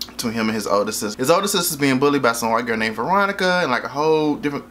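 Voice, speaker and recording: A man's voice: mid-range voice, animated, rapid-fire, fairly bright tone, slight background noise. A man casually reviewing a movie in a rambling, jokey, profane way, often losing track of names.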